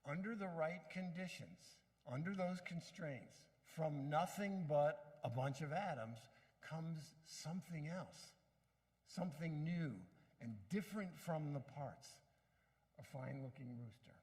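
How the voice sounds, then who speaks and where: A man with a slightly high voice gives an earnest, wondering talk, stopping now and then for a casual aside or to correct himself. His words ring out with a long reverb, as in a big hall. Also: unhurried, darkish tone. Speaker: speaker on science and meaning.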